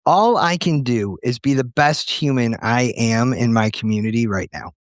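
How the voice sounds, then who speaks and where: Man talking earnest and reflective, dry close sound, middle pitch. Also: moderate pace, no echo. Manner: earnest, reflective, tells anecdotes with quoted voices. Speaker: podcast guest, writer. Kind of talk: casual conversation.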